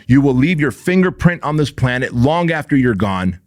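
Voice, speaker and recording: A man gives a motivational monologue on his own show, speaking in short, punchy, repeated phrases and swearing now and then. His voice sits in an ordinary middle pitch. It is recorded close and dry, with no room sound. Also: big pitch swings, normal speed, dry recording. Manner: forceful, preachy, repetitive punchy phrasing, profane. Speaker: podcast host.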